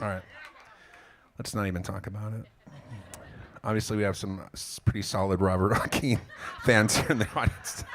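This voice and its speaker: A man's voice: fairly low pitch, creaky, a bit bright, slight background noise. A man, a singer-songwriter, talking to a live audience between songs in a small club, telling a meandering, self-mocking story with casual swearing. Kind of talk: rambling stage banter between songs.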